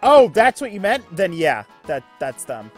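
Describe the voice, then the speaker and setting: A man's voice: sits high, unhurried, soft background music. A man hosting a let's play, chatting casually and reacting to viewers while he plays. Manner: animated, chatty, reacts to chat. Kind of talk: casual gameplay commentary.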